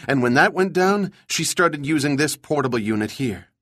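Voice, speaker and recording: A composed woman doctor in a hazmat suit, steady and in charge, as a male narrator lifts his voice to play her. She talks in a brisk, clipped way when giving orders and softens to reassure a frightened patient. The sound is dry and close, with no room around it. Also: fairly high pitch, no room sound, voice pushed up.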